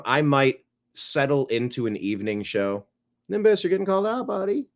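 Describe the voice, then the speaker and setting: A laid-back man hosting his own stream, rambling easily as he thinks aloud. His voice sits at an ordinary middle pitch. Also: clear, resonant tone. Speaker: show host. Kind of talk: casual live-stream chat.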